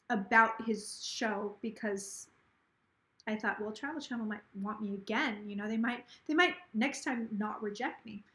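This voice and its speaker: A woman's voice: fairly high pitch, bright, forceful tone, reverberant. A tipsy woman hosting a casual psychic livestream on her phone, rambling and gossipy, swearing freely and slurring a little.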